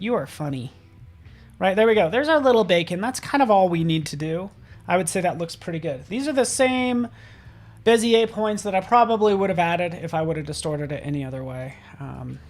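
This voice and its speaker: A man giving a live software tutorial, upbeat and chatty, often checking in with "right?" as he works on a drawing. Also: sits high. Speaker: design instructor.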